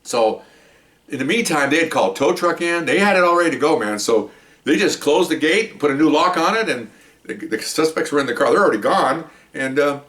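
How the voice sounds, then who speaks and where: A man's voice: fairly high pitch, expressive, a little fast, a bit bright. A man, a police officer, casually telling a long rambling story from his work, often checking in with his listener. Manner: rambling, chatty, checks in with "okay?". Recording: voice a bit distant from the mic.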